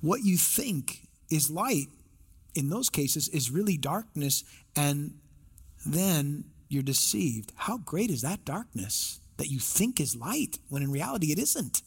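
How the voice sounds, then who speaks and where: High-voiced man preaching emphatically. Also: big pitch swings, slow, vocal fry, husky. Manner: emphatic preaching with repeated phrases and rhetorical questions. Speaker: pastor. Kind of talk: sermon.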